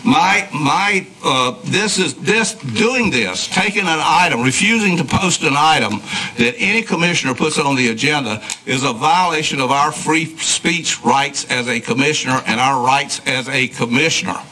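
A man's voice: a little high, animated, moderate pace, pushed and bright, rough recording. A man speaking firmly and accusingly as a commissioner at a public board meeting. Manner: accusatory, firm. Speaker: county commissioner. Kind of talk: formal complaint at a public meeting.

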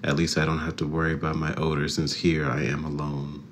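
A rumbling deep lonely wanderer. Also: little pitch movement, brisk, a little hiss or hum. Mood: solemn.

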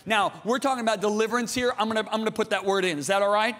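A man in his sixties preaching a sermon, telling his own story and calling out to the congregation, moving between loud appeals and hushed passages. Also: sits high, fairly even intonation, racing, hardly any pauses. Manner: calls out to the congregation. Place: large church auditorium. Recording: long reverb of a large hall.

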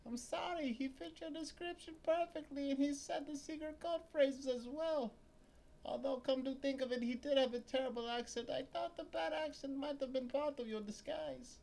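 A man voicing a nervous female spy working as a music shop clerk, high and trembling, slipping in foreign curse words. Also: expressive, brisk. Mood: panicked.

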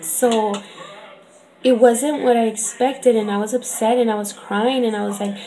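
A woman's voice: on the high side, steady tone, normal speed, dark tone. A young woman and mother telling a chatty, upset story in a casual vlog, often asking "you know what I mean". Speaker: vlogger and mother.

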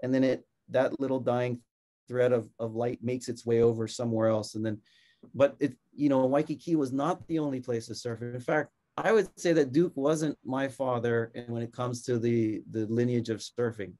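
A man from Hawaii giving a conversational slide lecture as a guest historian, relaxed, often checking in with a quick question. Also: medium pitch. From Hilo, Hawaii. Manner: relaxed, frequent tag questions. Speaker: guest speaker, surf historian.

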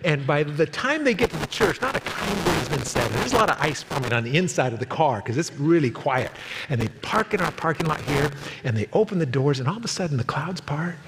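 A man's voice: lively intonation, a little fast, long reverb tail, very noisy. A man preaching a sermon as a pastor, telling stories and acting out the people in them. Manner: storytelling, acting out quoted voices in a higher pitch. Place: church sanctuary.

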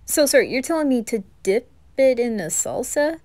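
A woman's voice: high-pitched, expressive, moderate pace, darkish tone. A woman voicing a chatty, playful teenage boy who gushes over food in a whispered role-play.

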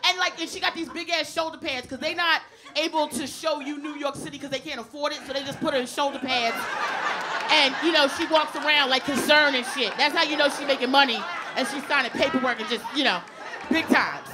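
Stand-up comic, woman, very high voice, brash and profane, live club mic with a crowd and noise behind. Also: fairly quick. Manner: brash, profane, animated storytelling. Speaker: stand-up comedian. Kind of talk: stand-up routine. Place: comedy club stage before a live audience. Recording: live club recording with audience laughter and noise.

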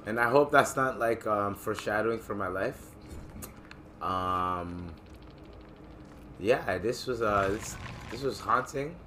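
Bright-voiced young man gaming. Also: on the low side, slow, long pauses, a little hiss or hum. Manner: excitable, profane, joking. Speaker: gaming channel host. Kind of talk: casual gameplay commentary.

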